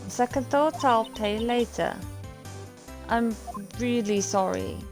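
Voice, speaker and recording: A woman's voice: slow, over music. A woman reading a flustered young male lawyer. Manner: hesitant, apologetic, lowered voice.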